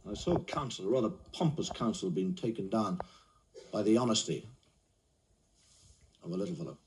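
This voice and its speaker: A man's voice: fairly low pitch, lively intonation, normal speed, distant mic, noisy background. A man telling stand-up jokes in a wry, conversational way. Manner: wry, conversational, relishing punchlines. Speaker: comedian. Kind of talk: stand-up storytelling.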